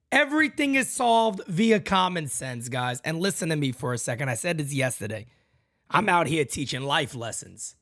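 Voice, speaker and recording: A man's voice: a little high, a bit bright, no echo, clean studio sound. A man hosting a fan podcast, ranting in a heated, blunt and profane way and speaking straight to his listeners. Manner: talks straight to listeners as "guys" and "folks". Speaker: podcast host.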